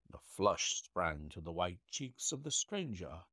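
A man narrating a classic detective story in a measured, expressive reading style. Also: sits low, dry recording, studio quality. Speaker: audiobook narrator. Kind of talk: audiobook narration of classic fiction.

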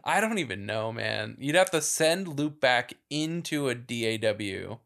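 A man's voice: medium pitch, lively intonation, a little slow, gravelly, fairly bright tone. A man co-hosting a podcast in casual chat, laughing often and trailing off into fillers. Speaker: podcast co-host.

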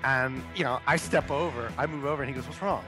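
A man's voice: medium pitch, fairly even intonation, quick pace, music in the background. A man co-hosting a comedy podcast, telling a story in a loose, profane way and acting out the people in it. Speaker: podcast co-host.

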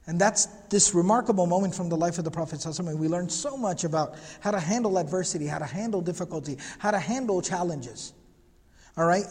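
A man with a fairly high voice teaches a religious lecture class, pressing his points home by repeating phrases and firing off rhetorical questions. He slips Arabic phrases into his speech, and a long reverb trails each line as if he were in a large hall. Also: darkish tone, breathy edge. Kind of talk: lecture class on prophetic biography.

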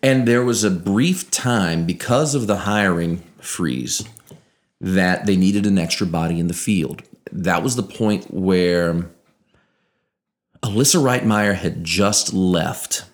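A man being interviewed, a former television news producer now in radio, telling lively anecdotes and acting out the dialogue he quotes. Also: low-pitched, slow. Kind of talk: casual interview storytelling.

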